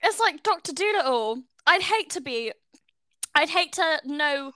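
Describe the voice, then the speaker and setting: A young woman co-hosting a podcast, giggly and animated in casual chat. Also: high-pitched, unhurried, no room sound. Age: young adult. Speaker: podcast co-host.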